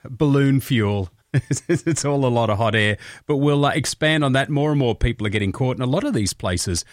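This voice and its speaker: A man's voice: medium pitch, moderate pace, no room sound, clean studio sound. A man hosting a radio show, chatty and joking, laughing at his own quips. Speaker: radio host. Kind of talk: casual radio chat.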